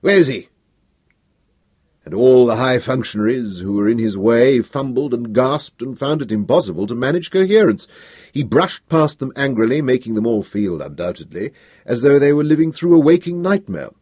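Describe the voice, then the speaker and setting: A man narrates an audiobook with an expressive, dramatic delivery. His pitch swings widely and his voice has a husky grain. The recording is dry and close to the mic. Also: normal speed, no room sound.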